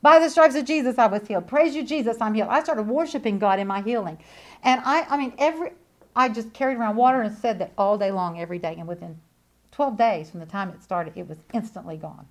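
A woman giving an animated sermon testimony, swinging between loud declarations and hushed asides. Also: mid-range voice, quick pace. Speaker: preacher.

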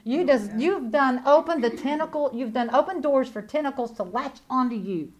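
A woman with a drawl preaches her testimony in a somewhat high voice. She is emphatic, rising to loud proclamations and dropping to quiet, intimate asides. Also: moderate pace. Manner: animated, emphatic, swings between loud declarations and hushed asides. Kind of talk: sermon testimony.

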